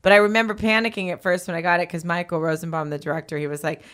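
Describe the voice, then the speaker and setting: A woman's voice: on the low side, fairly even intonation, rapid-fire, hardly any pauses, fairly bright tone. A woman co-hosting a casual studio chat, talking about her acting work and laughing easily. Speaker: actress and co-host.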